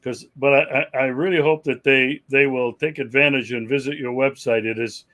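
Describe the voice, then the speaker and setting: A man's voice: mid-range voice, steady tone, moderate pace, fairly bright tone. A man hosting an interview show, friendly and loose, often restarting sentences. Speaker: show host. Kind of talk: interview host chat.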